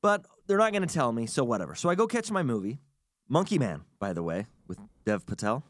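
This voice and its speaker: A man's voice: medium pitch, fairly quick, no room sound, clean studio sound. A man from the United States hosting a podcast, telling a long story in a casual, chatty way and acting out the people he quotes. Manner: animated, chatty, acts out quotes. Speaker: podcast host.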